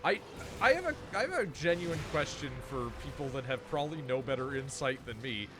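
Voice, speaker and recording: A man's voice: medium pitch, sing-song, a little fast, over music. A Canadian man from Ontario hosting a casual gaming stream, rambling and swearing as he interrupts himself. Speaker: streamer host.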